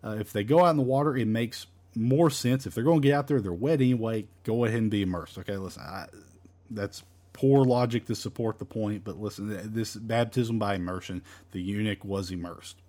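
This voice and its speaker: Emphatic low-voiced Bible teacher. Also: male voice, a little fast, mellow. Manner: emphatic, repetitive, conversational. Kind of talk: verse-by-verse Bible study.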